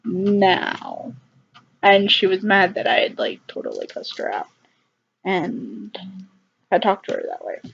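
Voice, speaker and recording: A young woman vlogger telling a personal story in a halting, subdued way, with many fillers. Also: medium pitch, very animated, creaky, a bit bright, a little hiss or hum. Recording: slightly dull lo-fi recording.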